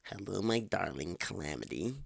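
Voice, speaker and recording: A man's voice: sits low, lively intonation, normal speed, vocal fry, husky, dry recording, studio quality, heavily acted. A man voicing a smarmy, creepy young neckbeard who talks in a mocking, feminine put-on accent.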